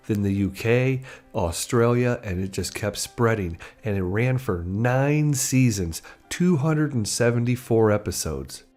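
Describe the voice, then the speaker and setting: A man's voice: on the low side, a little mellow. A man narrating a biography in a chatty storytelling manner. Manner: chatty, acting out quoted lines.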